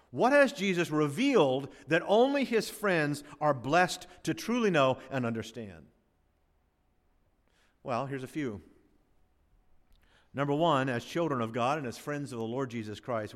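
A man preaching in a church sanctuary, his fairly high voice carried by a long hall reverb. He drives his points with rhetorical questions and repeated phrases, shifting between loud emphasis and quiet asides. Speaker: pastor. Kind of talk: sermon.

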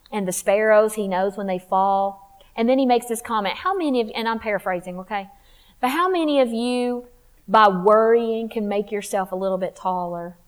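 A woman telling her faith testimony in a candid, animated way, acting out what people said. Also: mid-range voice, rough recording. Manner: candid, animated, acts out quotes. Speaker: speaker sharing testimony.

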